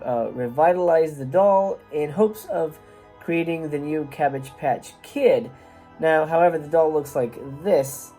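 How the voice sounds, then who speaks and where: A woman's voice: low-pitched, dark tone. A woman hosting a casual film review, chatty and wry, with frequent hesitations. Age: adult parent. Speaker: movie reviewer and channel host.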